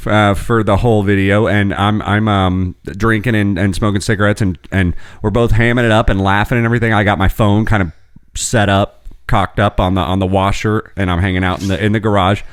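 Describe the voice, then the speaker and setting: A man's voice: on the low side, steady tone, fairly quick, smooth, no echo, studio quality. A man in his thirties, a podcast host telling a long rambling story in casual chat, swearing freely. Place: home podcast studio.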